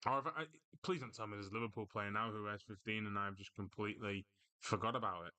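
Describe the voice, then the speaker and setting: A man's voice: fairly low pitch, quick pace, bright, forceful tone. A man hosting a casual football livestream, chatting loosely and answering viewers' comments as he reads them out. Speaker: livestream host.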